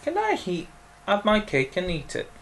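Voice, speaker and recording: A young man answering viewer questions in a casual video, halting and full of ums. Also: high-pitched, wildly swooping pitch, creaky, slight background noise. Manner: slow, halting, many ums and pauses. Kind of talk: casual Q&A vlog.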